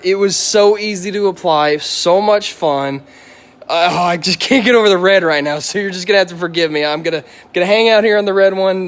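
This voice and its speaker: A man, an auto detailer, gushing with wild excitement as he shows off freshly coated cars outdoors while streaming live to viewers. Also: high-pitched. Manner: wildly excited, gushing, repeats exclamations. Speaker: auto detailer showing his work. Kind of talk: live-streamed car reveal vlog. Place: outdoors beside parked cars.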